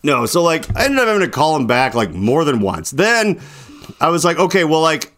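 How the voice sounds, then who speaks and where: On the high side and slightly bright, his very animated voice moves at a normal speed. The young man hosts a laid-back late-night podcast, drifting through a long story stuffed with "like" and acting out both voices in his phone calls.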